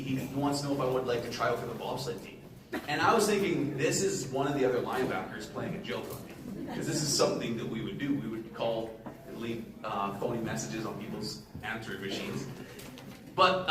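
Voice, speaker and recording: Man speaking from far off. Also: a little high. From Canada. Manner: casual, addresses the audience directly. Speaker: guest speaker. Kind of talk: storytelling motivational talk. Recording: echoey hall from far off, noisy.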